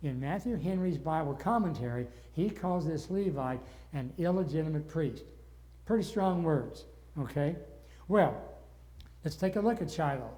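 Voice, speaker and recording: A man's voice: fairly high pitch, lively intonation, moderate pace, dark tone. An older man from the northern United States leading a Bible study lecture. He teaches earnestly and gets wound up as he goes.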